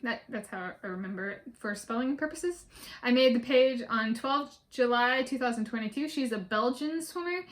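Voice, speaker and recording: A woman's voice: a little high, lively intonation, normal speed. A woman vlogger talking casually and methodically through a list, with many fillers and restarts. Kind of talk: casual spoken list walkthrough.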